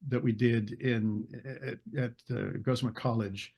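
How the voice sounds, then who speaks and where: A man's voice: mid-range voice, fairly even intonation, unhurried, vocal fry, darkish tone, husky. Older man telling rambling anecdotes. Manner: rambling, searches for names, laughs while telling stories. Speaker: actor, interview guest. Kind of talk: casual anecdotal storytelling.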